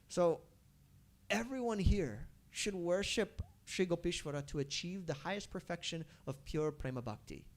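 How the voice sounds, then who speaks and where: A man telling a devotional story to a live audience at a temple gathering, animated and asking the audience questions. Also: a little high.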